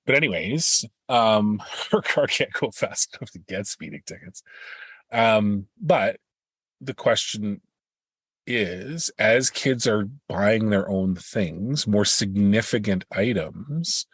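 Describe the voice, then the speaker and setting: Dry-witted husky man co-hosting. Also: on the low side, lively intonation, slow, no room sound. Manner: dry teasing humor. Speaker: podcast co-host. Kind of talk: casual chat.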